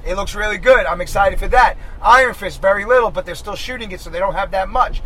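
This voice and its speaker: A man with a strikingly high voice talks in an animated, blunt way, swearing freely. He co-hosts a casual podcast from a car, with faint traffic noise behind him. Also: fast, rough recording. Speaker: podcast co-host. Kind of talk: casual chat. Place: inside a moving car.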